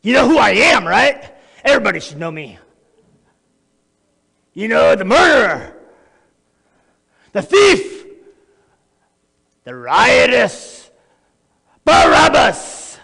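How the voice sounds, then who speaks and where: A man's voice: very high voice, very animated, takes it slowly, vocal fry, pauses often, sharp tone, slightly rough, heavily acted. A man acting a notorious, boastful male criminal in a theatrical monologue, addressing the audience directly. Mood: boastful, manic. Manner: boastful, erratic, talks straight to the audience. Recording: long echoey hall reverb.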